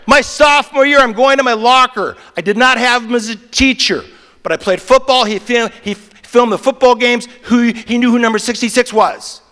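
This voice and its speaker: Older male keynote speaker, bright high voice, theatrical hush-to-animated delivery, long reverb. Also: normal speed. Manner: dramatic shifts from hushed to animated. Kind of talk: motivational keynote storytelling. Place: large conference hall. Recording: long reverb of a big hall.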